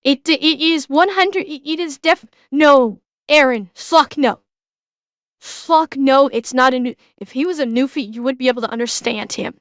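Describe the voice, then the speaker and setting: High pitched woman streaming, swears a lot, trips over her words, dry close mic. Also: normal speed, no room sound. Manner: excitable, swears freely, many restarts. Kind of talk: casual reaction chat.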